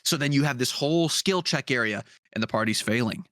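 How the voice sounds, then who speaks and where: A man's voice: medium pitch, a little fast, fairly bright tone, dry recording, studio quality. A man co-hosting a podcast, chatting casually about tabletop games, rambling with lots of fillers and swearing. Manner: rambling, profane, many fillers. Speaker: podcast co-host.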